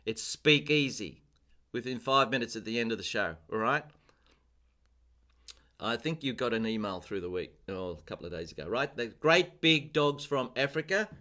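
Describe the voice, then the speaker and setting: A man teaching a casual live-stream piano lesson, chatty and self-deprecating, chanting rhythms aloud, his voice a little rough with throat-clearing and coughs. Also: mid-range voice, expressive, moderate pace, sharp tone. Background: piano playing.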